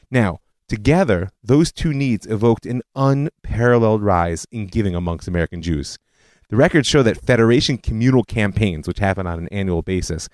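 A man's voice: fairly low pitch, darkish tone, dry recording. A man hosting a history podcast, telling it as a story with conversational asides. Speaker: podcast host. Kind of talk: scripted history narration.

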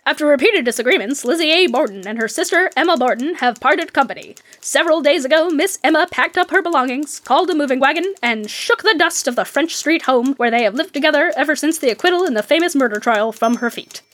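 A woman's voice: high voice, animated, fast, hardly any pauses, a bit bright. A woman doing an old-timey newscaster. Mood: announcing. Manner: announcing, clipped headline delivery. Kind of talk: mock vintage newsreel reading.

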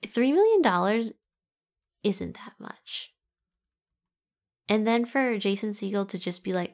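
A woman's voice: mid-range voice, sing-song, moderate pace. A young woman chatting casually and sarcastically about a film, joking and laughing as she goes. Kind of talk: casual chat, film review.

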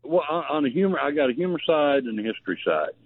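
A man calling in to a radio show, rambling and halting with fillers. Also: a little high, sing-song, no room sound. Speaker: caller. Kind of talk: phone-in chat. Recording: tinny phone line.

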